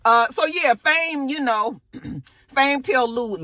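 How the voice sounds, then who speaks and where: A woman recapping a TV episode in a casual vlog, telling it with slangy asides and animated delivery. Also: high-pitched, takes it slowly, dry recording. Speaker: TV episode reviewer.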